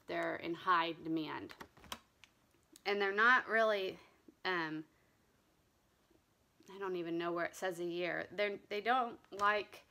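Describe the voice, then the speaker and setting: A woman's voice: fairly low pitch, gravelly, sharp tone. A woman vlogger chatting casually about her stitching, rambling along with ums and restarts. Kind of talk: casual chat.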